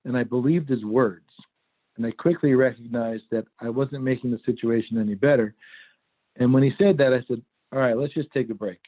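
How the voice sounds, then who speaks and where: A man's voice: mid-range voice, a little fast. Man presenting over a tinny call line. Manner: conversational storytelling. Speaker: workshop presenter. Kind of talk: online workshop talk. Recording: phone-like video call audio.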